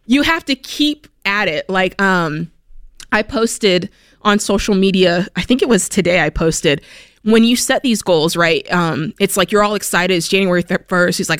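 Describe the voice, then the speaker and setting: An upbeat woman hosts a money advice radio show, pushing listeners with lively encouragement. Her voice is smooth and clear, and the studio sound is dry and close. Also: moderate pace, dry recording. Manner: energetic, animated, acts out quotes in a higher voice. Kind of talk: upbeat motivational radio talk.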